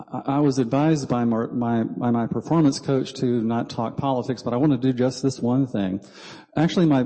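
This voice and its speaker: A man's voice: mid-range voice, warm tone. A man from South Carolina with a Southern accent, a guest speaker giving a humorous talk from a church pulpit, chatty, with many ums and self-deprecating jokes. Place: church sanctuary. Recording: long hall reverb.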